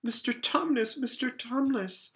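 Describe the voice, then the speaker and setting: A man's voice: high-pitched, wildly swooping pitch, normal speed, a bit bright, voice pushed up, full character voice. A man voicing a kind, earnest young girl in a storybook reading, pleading and anxious. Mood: distressed.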